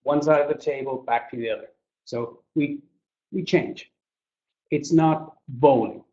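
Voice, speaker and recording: A man's voice: medium pitch, a little mellow. Man teaching in a lo-fi webinar. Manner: explains slowly with many examples, acts out intonation. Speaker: business English trainer. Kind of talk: webinar lecture. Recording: dull lo-fi echoey webinar audio.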